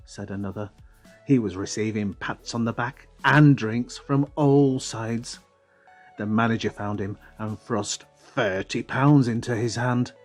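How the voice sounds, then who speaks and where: Male audiobook narrator, unhurried and wry, faint music behind. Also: mid-range voice, darkish tone. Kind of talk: scripted narration.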